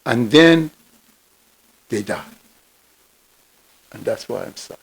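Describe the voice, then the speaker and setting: A man voicing an older male being in a parable, mournful and resigned, in a gravelly, husky voice. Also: mid-range voice, animated, takes it slowly, heavily acted, poor audio. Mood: sorrowful. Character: sad older tiny womb-dweller, male.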